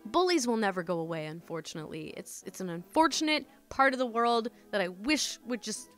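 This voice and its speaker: A woman with a bright, fairly high voice reads stories and chats casually with her listeners. Her delivery is lively and swoops up and down, loose and a little sweary, with faint music behind. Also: a little fast. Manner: chatty, swears, addresses listeners as "my dudes". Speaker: storytime channel host. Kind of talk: casual storytime reading and chat.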